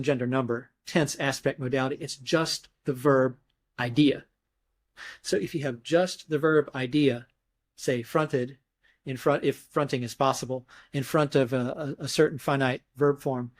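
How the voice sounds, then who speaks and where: A man being interviewed as a scholar, explaining grammar thoughtfully step by step, often restarting phrases and demonstrating emphasis with his voice. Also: mid-range voice. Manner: mimics emphasis with his voice in examples. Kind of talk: academic explanation in conversation.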